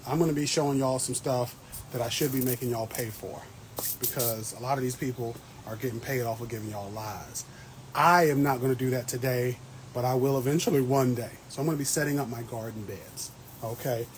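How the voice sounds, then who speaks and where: A man's voice: medium pitch, fairly even intonation, a little fast, slight background noise, poor audio. A man in his thirties hosting a casual gardening livestream outdoors, chatty and playful as he greets viewers by name. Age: 30s. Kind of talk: casual live-stream chat. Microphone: phone livestream.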